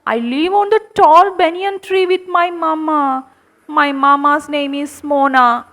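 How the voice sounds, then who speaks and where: A woman's voice: high voice, a bit bright, rough recording. A woman voicing a small lost boy monkey in a childlike, earnest voice for a puppet show. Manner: childlike, slow and plaintive.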